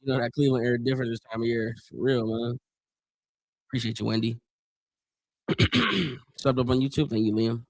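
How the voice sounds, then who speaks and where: A man from Northeast Ohio hosting a live stream, calling football plays and chatting casually in slangy talk, his voice a little worn and clearing his throat often. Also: medium pitch, normal speed, long pauses, dry recording, clean studio sound. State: losing his voice a bit. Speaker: livestream host doing play-by-play. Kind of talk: casual live play-by-play and chat.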